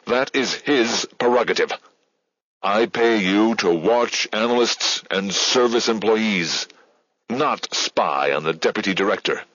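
A man's voice: on the low side, expressive, a little slow, fairly bright tone, no echo, pitched above the performer's own voice, full character voice. A man reading an audiobook, voicing a cold, domineering male director who speaks curtly and commandingly. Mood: angry, commanding. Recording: dull, lo-fi dry studio.

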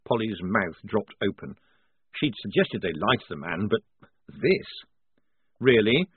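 A man narrating an audiobook in a wry, expressive reading. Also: fairly low pitch, measured pace, breathy edge, dry recording. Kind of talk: scripted narration. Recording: tinny, dry, phone-like sound.

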